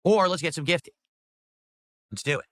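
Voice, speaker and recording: A man's voice: a little high, moderate pace, fairly bright tone, no room sound. A man hosting a live stream, upbeat and pushing viewers to donate. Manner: upbeat hype, reads donations aloud. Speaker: streamer host.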